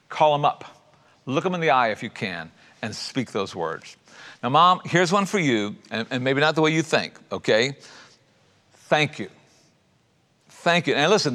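A man preaching a sermon as a pastor, climbing to loud emphatic peaks and dropping to a hushed, slow prayer. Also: a little high.

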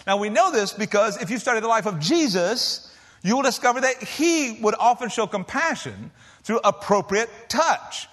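A middle-aged man preaches to a large congregation. His voice sits high and he talks in a folksy, lively way, punching some lines loudly and then dropping to a quiet hush. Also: normal speed. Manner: lively, folksy, swinging between loud emphasis and soft hushed lines. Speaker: pastor. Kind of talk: sermon. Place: large church auditorium.

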